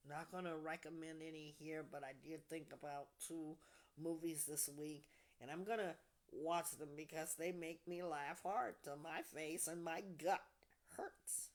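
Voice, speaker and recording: Slow, low-voiced woman host, soft and deliberate. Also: fairly even intonation. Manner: slow, soft and deliberate, trailing off to near whispers. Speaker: podcast host leading a support group. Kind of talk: reflective talk to a group.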